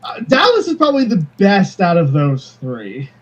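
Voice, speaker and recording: A man co-hosting a casual sports chat, wry and quick to laugh. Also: sits high, huge pitch swings, breathy edge, lo-fi sound. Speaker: podcast co-host.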